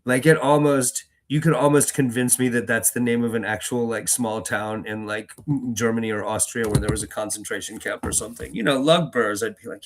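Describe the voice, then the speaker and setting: A man's voice: mid-range voice, steady tone, brisk, few pauses, slight background noise. A man hosting a book-reading channel, chatting casually between readings in a rambling way, with frequent restarts and fillers. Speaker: reader and host.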